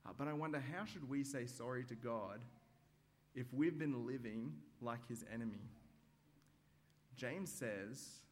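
Man preaching a hesitant, measured sermon. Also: medium pitch. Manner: measured, hesitant with frequent ums and uhs; demonstrative, acts out examples. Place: church service.

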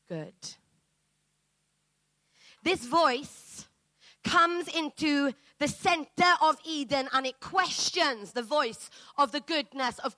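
Woman preacher, fairly high and bright, unhurried sermon delivery that builds to fervent emphasis. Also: no echo, low-quality recording. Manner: earnest, rises to fervent emphasis. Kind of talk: sermon with scripture reading. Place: church.

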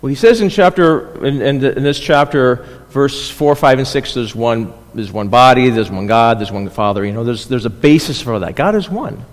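A man's voice: medium pitch, animated, moderate pace, few pauses. Man preaching in a reverberant hall. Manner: conversational, checks in with listeners; restarts and repeats words. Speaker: pastor. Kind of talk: sermon.

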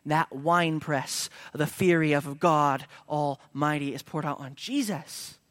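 High-voiced male pastor preaching. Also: unhurried, no room sound, studio quality. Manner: conversational preaching that swings from hushed to loud and emphatic. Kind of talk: sermon.

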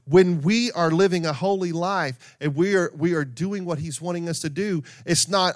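A man's voice: fairly high pitch, moderate pace, few pauses, no room sound, clean studio sound. A middle-aged man preaching a sermon in a conversational way, with asides, repetition and everyday stories. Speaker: pastor.

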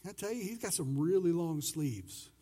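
A pastor preaching a conversational sermon who swings between loud and soft passages and acts out the voices he quotes. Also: on the high side, lively intonation, moderate pace, husky.

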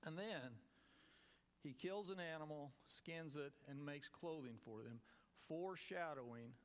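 A man delivers a relaxed, informal sermon. His voice sits slightly higher than most men's. He talks in a homespun, conversational way and jokes easily with his listeners. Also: unhurried. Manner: folksy, conversational, jokes with the audience. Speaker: lay preacher with a farm group.

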